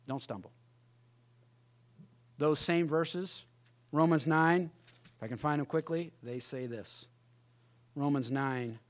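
A middle-aged man preaching a sermon as pastor, emphatic, often acting out the voices of others. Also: mid-range voice.

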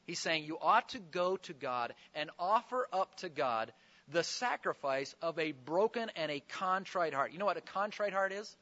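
A man's voice: fairly high pitch, expressive, moderate pace, pushed and bright, muffled recording. A man preaching a sermon, explaining scripture with earnest, pleading emphasis.

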